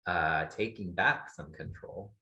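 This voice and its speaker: A man with a very low voice gives family advice as an expert in an online talk, pausing often and restarting his thoughts. The sound is dull and lo-fi. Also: pushed and bright. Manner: thoughtful, halting with many fillers. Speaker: psychologist guest expert.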